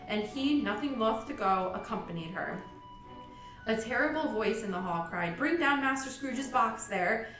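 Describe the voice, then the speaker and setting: A woman reading a classic novel aloud in a steady manner, chatty and giggly in asides. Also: mid-range voice. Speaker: library podcast reader. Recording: roomy sound from a distant mic with music.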